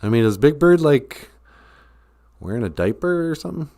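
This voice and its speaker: A joking live stream host who rambles from one thought to the next, his pitch rising and falling in a lively way. He talks casually to his viewers and reads out their comments. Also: moderate pace.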